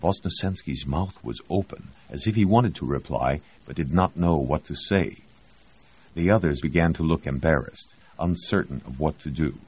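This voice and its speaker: A man narrating an audiobook in a measured, expressive storytelling manner, on a dull lo-fi recording. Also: extremely low pitch, slightly rough. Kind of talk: scripted narration.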